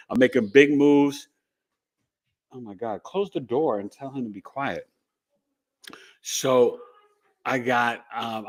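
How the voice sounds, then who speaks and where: A middle-aged man hosting an astrology livestream, chatting casually in a rambling, upbeat way with asides to his viewers. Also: medium pitch. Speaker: astrology podcast host.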